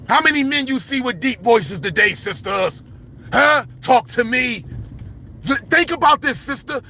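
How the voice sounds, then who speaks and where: A man with a very high, bright, forceful voice hosting a livestream. He talks in a heated, confrontational rant, preaching at his viewers and often breaking into a yell. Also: slight background noise. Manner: impassioned, yelling, confrontational, preachy. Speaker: livestream host.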